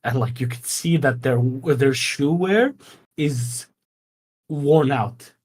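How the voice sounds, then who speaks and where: A man whose native language is Arabic chats casually as a guest on a live stream, speaking slowly in a mid-range, somewhat dark voice. He teases, laughs a lot, and swears.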